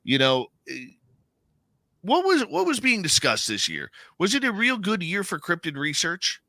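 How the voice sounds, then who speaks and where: A radio host with a punchy, intensely bright voice rattles off cheerful plugs and casual banter. The sound is dry and close, with no room around it. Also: male voice, high-pitched, wildly swooping pitch, normal speed, no room sound. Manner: upbeat, promo-style plugs and banter.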